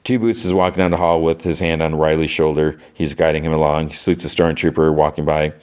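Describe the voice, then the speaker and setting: Brief: casual male podcast host, deep low voice, rambling recap. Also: fairly even intonation, fast talker, a little mellow, smooth. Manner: rambling retelling, heavy on "he's like" and fillers.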